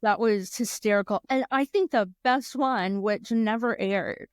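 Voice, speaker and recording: A woman's clean-toned voice carries a chatty, casual podcast where she co-hosts, laughing often as she recounts events and shifting pitch quickly to quote others. The recording is dry and studio quality.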